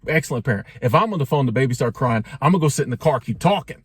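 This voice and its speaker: A man's voice: a little high, racing, few pauses, husky, dry recording, studio quality. A man in his forties talking casually in a joking, conversational way, full of slang and asides to his viewers. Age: 40s. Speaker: vlogger. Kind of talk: casual talking-head monologue.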